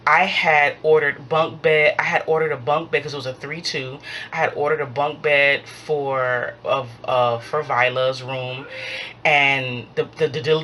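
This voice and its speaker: A woman vlogger telling a storytime, animated, acting out each quoted line. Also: low-pitched, slight background noise. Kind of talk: storytime vlog.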